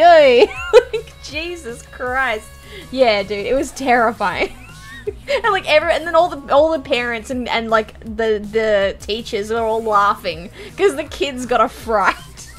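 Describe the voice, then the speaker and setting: Giggly young woman streamer. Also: fairly high pitch. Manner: giggly, swears casually, animated storytelling. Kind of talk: casual reaction chat.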